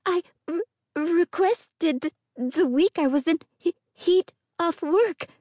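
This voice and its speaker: A woman's voice: sits high, expressive, a little slow, mellow, no echo, studio quality, pitched above the performer's own voice. A woman voicing a timid young female creature with hooves and horns, who stammers nervously. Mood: frightened stammering.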